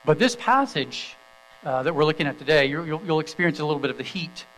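A middle-aged man preaching a sermon with a slightly higher voice. He tells a story in a relaxed, conversational way with small fillers. He then reads scripture aloud to the congregation. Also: quick pace, slight background noise, poor audio. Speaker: pastor.

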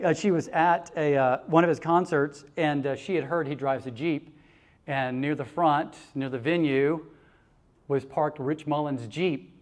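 A pastor delivers a sermon in a somewhat high-pitched male voice. He tells stories with animation, laughing now and then and acting out quotes.

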